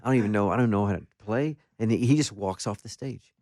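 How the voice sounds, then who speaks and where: A man, a guest musician, telling stories in a casual interview in an animated, self-deprecating way, with many restarts. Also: lowish voice, fast talker, no echo, studio quality.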